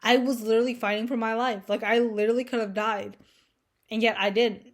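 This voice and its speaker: A young woman talking straight to camera in a loose, joking monologue, slightly high in pitch. She rambles through her story with lots of fillers and casual swearing, playful and self-mocking. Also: fairly even intonation, fairly quick. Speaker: vlogger.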